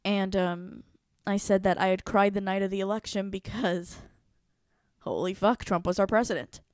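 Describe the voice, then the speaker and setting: Woman, mid-pitched, casual storytelling co-host, blunt and expressive, dry close mic. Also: moderate pace, no room sound. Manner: candid, swears freely, animated retelling. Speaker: podcast co-host.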